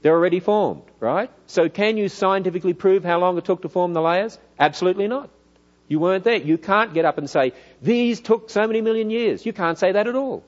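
Australian preacher in a reverberant hall. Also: male voice, high-pitched, a little fast, muffled recording. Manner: lively, rhetorical questions, acts out voices. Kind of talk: church lecture. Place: church hall.

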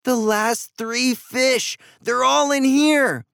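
A man voicing an eager, cocky young boy in a storybook reading, with a bright, raised voice. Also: on the high side, sing-song, unhurried, dry recording, studio quality, voice pushed up.

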